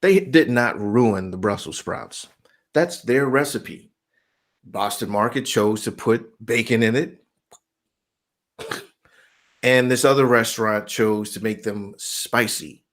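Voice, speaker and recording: A man in his forties hosting a daily reminder, telling a lively motivational story with bursts of mock outrage and laughter. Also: medium pitch, takes it slowly, long pauses. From United States. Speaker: host of a daily reminder series.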